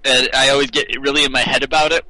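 A man co-hosting a casual podcast, playful and quick to riff on jokes. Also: medium pitch, flat delivery, bright, forceful tone, low-quality recording. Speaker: podcast co-host. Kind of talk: casual chat.

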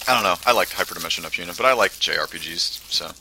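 A man's voice: low-pitched, racing, pushed and bright, slight background noise. A man chatting casually about video games, laid-back, laughing often and swearing offhandedly. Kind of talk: casual gaming chat.

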